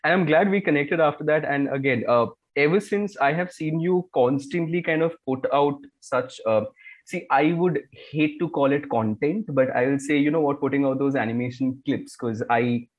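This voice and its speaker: A man's voice: fairly high pitch, normal speed. A man with an Indian English accent hosting a podcast, chatty and joking as he interviews a guest. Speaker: podcast host. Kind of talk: casual interview chat.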